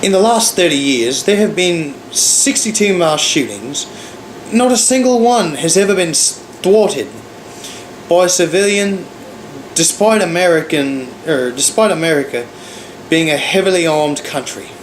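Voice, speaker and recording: A smug male pundit in an overdone mock British accent, as a man puts him on. The voice sits a touch high and bounces off the walls of an echoey room, with a faint air-conditioner hum behind. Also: lively intonation, a little slow.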